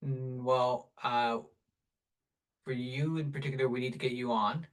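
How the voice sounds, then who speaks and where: A man hosting a casual live Q&A over a video call, relaxed and chatty, laughing often. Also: medium pitch, measured pace. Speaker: webinar host, product support.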